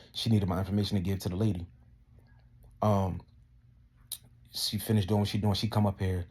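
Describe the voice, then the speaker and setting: A man's voice: low voice, flat delivery, normal speed, pauses often, darkish tone. A man ranting heatedly and indignantly, full of profanity, his voice climbing as he gets worked up. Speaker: vlogger. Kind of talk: casual profane rant to camera.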